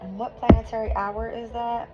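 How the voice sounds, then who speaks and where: A woman doing a tarot reading for her viewers from a room at home, worked up, hot and sweaty, cursing and laughing as she goes. The recording sounds dull and lo-fi, with music playing clearly behind her. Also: fairly high pitch, level tone, moderate pace. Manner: emotional, swears and laughs often. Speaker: tarot reader.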